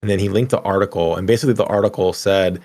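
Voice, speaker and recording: A middle-aged man with a low, gravelly voice, co-hosting a casual gaming podcast. He talks in animated, loose rants and swears freely. The sound is close and dry, with no room echo. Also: very fast. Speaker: podcast co-host.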